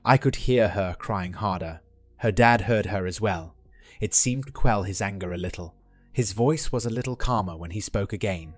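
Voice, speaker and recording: A man narrating a story from a script in an even storytelling manner. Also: lowish voice, moderate pace, no room sound, soft background music.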